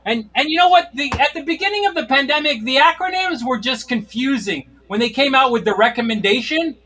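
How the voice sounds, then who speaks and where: A man's voice: very high voice, brisk, pushed and bright. A middle-aged man doing a stand-up routine, ranting in exasperation with frequent swearing. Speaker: stand-up comedian. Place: comedy stage.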